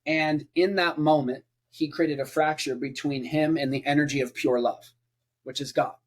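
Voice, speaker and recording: Emphatic preacher, fairly high voice. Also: male voice, steady tone, normal speed. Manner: emphatic, repetitive rhetorical lists. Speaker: preacher, podcast guest. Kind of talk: passionate conversational preaching.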